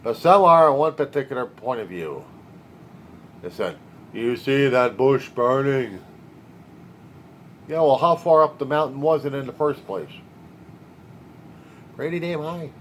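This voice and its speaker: A man's voice: on the high side, lively intonation, moderate pace, pauses often, fairly bright tone, slight background noise. A man talking alone in a video diary, rambling in a sardonic, wisecracking way. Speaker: video diarist. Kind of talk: rambling personal monologue.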